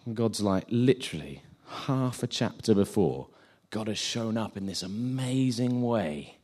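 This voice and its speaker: A man's voice: fairly low pitch, lively intonation, measured pace, darkish tone. A man giving an informal sermon, chatty and self-deprecating, acting out the scenes he retells.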